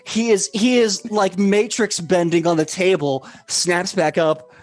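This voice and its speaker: Animated man running a tabletop game. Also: high voice. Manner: animated, laughing, quick storytelling. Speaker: game master.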